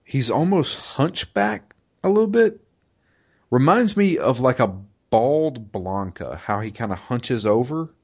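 A man in casual chat, recapping a game in a halting way with many fillers and restarts. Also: mid-range voice, big pitch swings, breathy edge. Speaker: podcast co-host recapping a video game.

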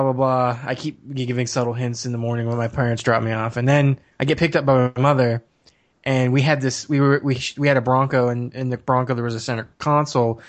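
A man telling long nostalgic stories in casual chat, rambling and laughing often. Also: mid-range voice.

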